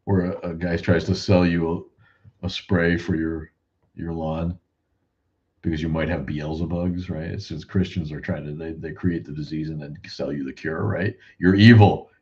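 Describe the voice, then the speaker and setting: Deep voiced guy hosting a loose chat stream, swears a lot, cracks jokes, muffled lo-fi audio. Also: fairly even intonation, normal speed, a little mellow. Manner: joking, profane, rambling asides. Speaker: show host. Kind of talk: casual livestream chat.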